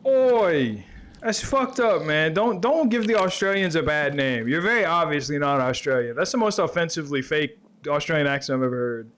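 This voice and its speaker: A man's voice: a little high, normal speed, a little hiss or hum. A man streaming a game, bantering and joking casually with a friend and swearing freely. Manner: jokey, animated, swears freely.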